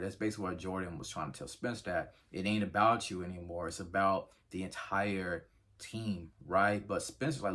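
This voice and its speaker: A man's voice: low voice, moderate pace. A man casually recapping a TV episode, acting out the characters' lines and leaning on fillers like "you know" and "right". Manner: animated, acts out characters' lines in quotes.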